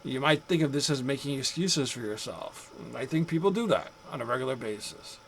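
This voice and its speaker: Expressive and fairly quick, the man's medium-pitched voice is creaky and slightly rough as he gives a casual psychology lecture. He uses rhetorical asides and acts out angry drivers. This recorded classroom lecture is of low quality.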